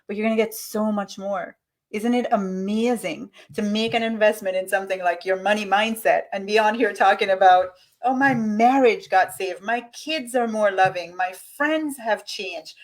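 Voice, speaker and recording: A woman hosts a live money-mindset coaching session and talks straight to her audience. Her voice sits in an ordinary mid range. Her delivery is enthusiastic and motivational. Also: mid-range voice.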